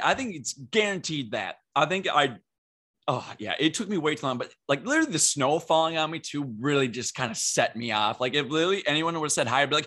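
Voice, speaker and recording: Brief: young male co-host, bright forceful voice, fired-up cursing rant in casual podcast chat. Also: fairly high pitch, fairly quick. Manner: animated, swearing, ranting.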